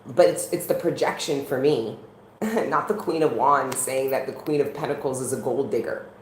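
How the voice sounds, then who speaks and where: A woman with a low voice gives a casual tarot reading, blunt and profane, often breaking into laughter. Her voice rings with a roomy echo over faint background noise. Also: normal speed. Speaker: tarot reader.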